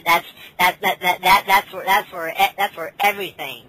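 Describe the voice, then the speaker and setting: A woman's voice: on the low side, fairly even intonation, moderate pace, crowd noise, low-quality recording. A woman hosting a casual podcast chat, ranting with lots of swearing and stammered restarts. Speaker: podcast host.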